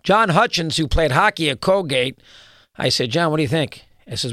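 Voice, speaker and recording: A male talk show host telling a story in a rambling, excitable way, full of restarts. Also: fairly high pitch, normal speed, dry recording, studio quality. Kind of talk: storytelling monologue.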